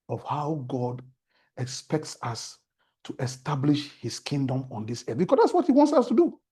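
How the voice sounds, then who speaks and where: A Ghanaian man speaks as a talk-show guest, turning his stories into earnest preaching about faith. His voice is mellow and soft, with a slight husk to it. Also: fairly high pitch, breathy edge.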